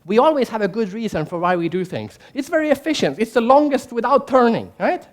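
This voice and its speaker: A man with a fairly high voice gives a keynote speech in a large conference hall. He tells stories with energy, puts questions to the audience and acts out what people said. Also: a little fast. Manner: animated storyteller, asks the audience questions, acts out quotes. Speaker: keynote speaker.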